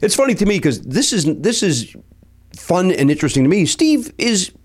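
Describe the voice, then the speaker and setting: Animated man telling a rambling story. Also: high-pitched, normal speed, breathy edge. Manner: animated, acts out quotes, restarts often. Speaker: storyteller guest. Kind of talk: casual anecdote.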